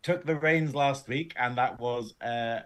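A man co-hosting a casual podcast chat, telling animated stories, acting out quotes and laughing a lot. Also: medium pitch, measured pace. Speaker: podcast co-host.

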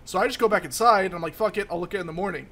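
A young man with a high, bright voice co-hosts a casual podcast. He tells rambling stories full of swearing in loose, offhand banter. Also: very fast. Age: young adult. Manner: profane, rambling storytelling. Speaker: podcast co-host.

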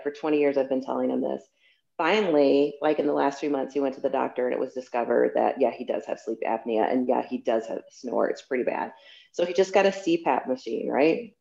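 Low gravelly woman in her forties. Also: dark tone. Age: 40s. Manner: candid, frank and chatty. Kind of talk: casual conversation. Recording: dull lo-fi sound.

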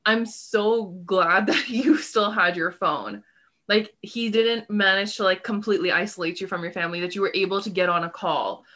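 A woman hosting a heartfelt conversation, with a bright, tense edge to her voice. She reflects aloud and asks gentle, empathetic follow-up questions, often using "like" as she thinks. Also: mid-range voice, normal speed. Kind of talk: supportive interview chat.

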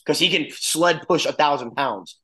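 A man's voice: fairly high pitch, normal speed, pushed and bright. A man in his twenties from Florida, a wrestling coach talking bluntly and swearing freely in casual podcast chat. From Florida, USA. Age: 20s.

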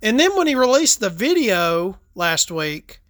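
Bright-voiced, rambling woman. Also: mid-range voice, big pitch swings, unhurried, no room sound, clean studio sound. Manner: rambling, profane, laid-back storytelling; smoking and sipping between topics. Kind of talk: casual monologue.

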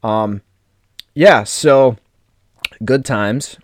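A man's voice: medium pitch, dry recording, clean studio sound. A young adult American man telling a rambling personal story in a casual podcast, full of fillers and jokey asides. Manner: chatty, lots of fillers, quick jokey asides. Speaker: podcast host.

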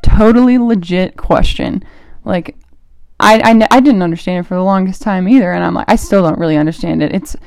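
Young woman, college age, casual faith podcast host; chatty, filler-heavy, mellow tone, dry close sound. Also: lowish voice, vocal fry, clean tone, dry recording. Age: young adult, college student. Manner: chatty and animated, full of "like" fillers, quick laughs.

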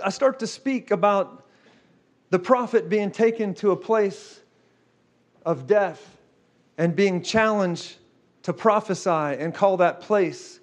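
Male preacher with a high voice, animated and fast in the story parts of a sermon. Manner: animated, fast storytelling with repeated "okay?" and "guess what".

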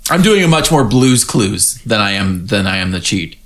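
A man's voice: fairly low pitch, very animated, moderate pace, fairly bright tone. A man co-hosting a podcast, recapping a TV episode in playful casual chat and laughing often. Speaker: podcast co-host.

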